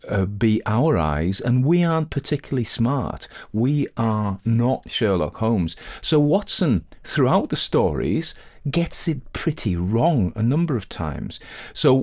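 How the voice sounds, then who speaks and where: A man's voice: fairly low pitch, darkish tone. A man talking casually about a story he read aloud, thinking aloud with frequent fillers and restarts. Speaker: audiobook reader discussing the story. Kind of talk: casual spoken commentary.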